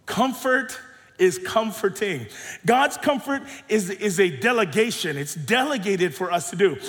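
A middle-aged male pastor preaching a sermon with emphatic, dynamic delivery that swings between soft drops and loud rises. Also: high voice, lively intonation, unhurried. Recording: long hall reverb.

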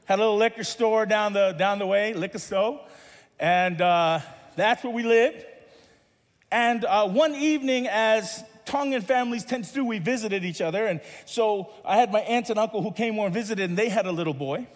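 High-voiced man preaching in a long hall echo. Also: normal speed. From Southern California. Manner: animated, playful, laughs at his own story. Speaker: pastor. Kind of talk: sermon storytelling.

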